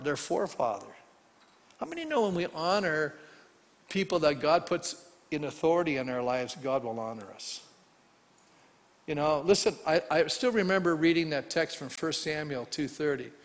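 Animated male pastor in a reverberant hall. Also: on the high side. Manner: animated storytelling, acting out quoted voices, swinging from loud to hushed. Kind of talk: sermon.

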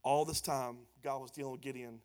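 Preaching as pastor, a man speaks a little fast in a mid-range voice, loud, animated and emphatic at moments, then settling into a quieter, conversational style.

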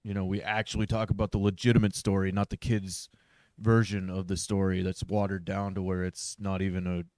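A man's voice: low-pitched, little pitch movement, brisk, darkish tone, no echo. A man co-hosting a casual religious discussion, talking hesitantly with many fillers. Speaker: podcast co-host.

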